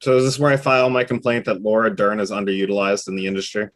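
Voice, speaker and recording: A woman performing online improv comedy with a deadpan, confident delivery. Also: extremely low pitch, fast talker.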